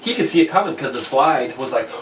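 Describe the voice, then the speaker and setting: A man hosting a casual chat, telling a long, animated, profane story and acting out his own reactions. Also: mid-range voice, fast, soft background music. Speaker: podcast host telling a story. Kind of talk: casual storytelling over beers. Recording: roomy, distant mic with faint noise.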